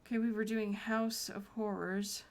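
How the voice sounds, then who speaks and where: A woman streaming a game at home, chatting excitedly and murmuring to herself as she plays. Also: medium pitch, moderate pace, a little hiss or hum. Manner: excitable, chatty, drifts into soft murmurs while playing. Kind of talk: casual gameplay commentary. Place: home room.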